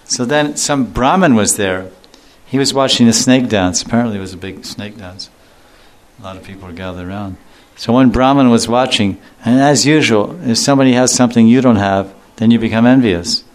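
A man teaching a devotional scripture class in a relaxed, joking way, often chuckling. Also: mid-range voice, fairly quick. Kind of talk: scripture lecture.

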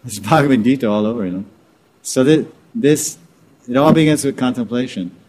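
A man's voice: mid-range voice, brisk, darkish tone, slightly rough. A man teaching scripture informally, repeating and restarting words as he explains terms. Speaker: spiritual teacher.

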